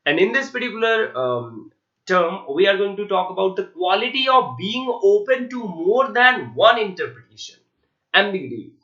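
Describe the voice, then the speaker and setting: A man's voice: sits high, bright, forceful tone. A man with an Indian English accent teaching an online literature lesson, spelling words letter by letter and asking his learners rhetorical questions. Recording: echoey room, muffled lo-fi sound.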